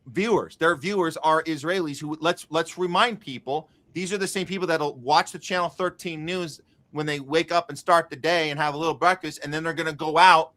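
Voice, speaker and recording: A man's voice: on the high side, bright, forceful tone. A man hosting a political podcast, chatting casually and firing off rhetorical questions. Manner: rhetorical questions, quick asides. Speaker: podcast host.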